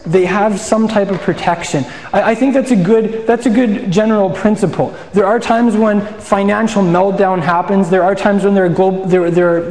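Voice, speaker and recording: A man's voice: sits high, warm tone. A man preaching a casual sermon, chatty and asking the audience questions. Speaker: pastor. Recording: echoey hall.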